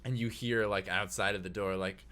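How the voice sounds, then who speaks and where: A man's voice: fairly low pitch, fairly even intonation, brisk, fairly bright tone, clean tone. A man narrating a tabletop game as game master, casual, with many fillers.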